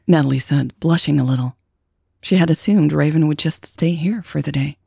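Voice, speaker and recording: A woman reading a serialized romance story aloud in a gentle, even storytelling manner. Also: low-pitched, a little fast, gravelly, slightly rough, dry recording, clean studio sound. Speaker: podcast narrator. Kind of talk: scripted narration of a romance story.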